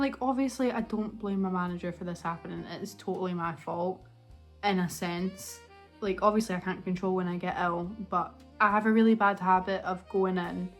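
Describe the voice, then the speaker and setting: A young woman chatting casually at home for her vlog, rambling and self-mocking as she laughs her way through a story. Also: on the low side. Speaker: vlogger.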